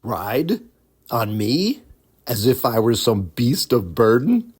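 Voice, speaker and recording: A man's voice: medium pitch, big pitch swings, slow, breathy edge, exaggerated voice. A man voicing a sarcastic, surly, grumpy male cat from a storybook. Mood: disdainful. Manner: dry, disdainful.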